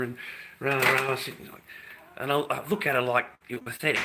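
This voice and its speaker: Against background noise, a male vlogger with a mid-range voice rants to the camera at a fairly quick clip. It's casual, packed with swearing, and full of repetition.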